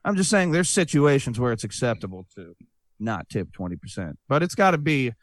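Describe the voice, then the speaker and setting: A man's voice: mid-range voice, very animated, fairly quick, no room sound, studio quality. A man co-hosting a comedy podcast, swearing freely and ranting emphatically. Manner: crude, profane, emphatic. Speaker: podcast co-host. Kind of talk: casual banter.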